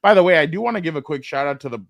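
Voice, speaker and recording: A man co-hosting a casual sports talk show, telling stories with animated, profane banter and acting out quotes. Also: fairly high pitch, racing, creaky, dry recording. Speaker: co-host.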